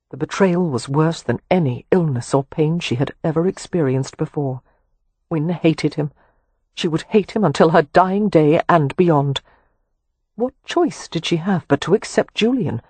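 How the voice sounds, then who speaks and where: A woman with a husky voice giving a measured, expressive audiobook narration of a historical romance. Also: sits low, no room sound. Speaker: audiobook reader.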